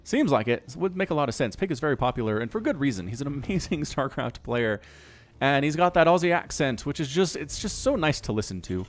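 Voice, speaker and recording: An American man giving excitable, chatty solo commentary on a strategy game, often talking straight to the players. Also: a little high, brisk. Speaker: esports caster.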